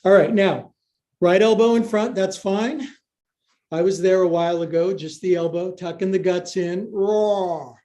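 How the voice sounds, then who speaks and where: Playful, breathy male yoga teacher. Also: high voice, measured pace, warm tone. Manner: playful, jokey cueing of poses. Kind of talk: live-streamed yoga class instruction.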